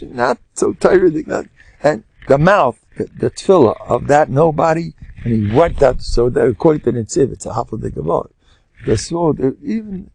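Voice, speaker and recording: An older rabbi, giving a Torah class and swinging between loud emphasis and soft murmurs. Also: male voice, medium pitch, gravelly, slightly rough. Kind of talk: Torah lecture.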